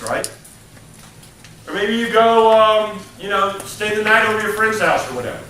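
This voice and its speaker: A man's voice: high voice, lively intonation, measured pace, long pauses, bright, forceful tone, slight background noise. A male college lecturer giving a conversational classroom lecture, tagging his points with "okay?" and "right?", recorded on a distant mic in an echoey classroom. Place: lecture room.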